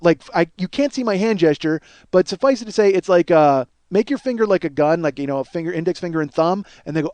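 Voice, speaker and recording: A man in his forties hosting a podcast and telling a comic story, profane and self-mocking, and he gets loud and worked up. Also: high voice, lively intonation, fast, no room sound. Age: 40s. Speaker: podcast host.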